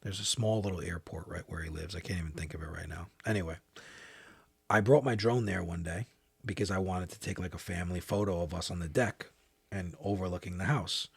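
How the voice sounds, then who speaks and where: A man's voice: low-pitched, fairly even intonation, a little fast, vocal fry, husky, dry recording. A man co-hosting a podcast in casual chat, rambling and restarting his sentences. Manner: rambling, restarts and trails off into asides. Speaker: podcast co-host.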